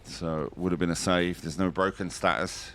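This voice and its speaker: Lowish male voice doing live game commentary, chatty and joking, yelps up high when stuff happens. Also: normal speed, slight background noise. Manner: chatty, jokey, bursts into excited high exclamations. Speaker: esports commentator.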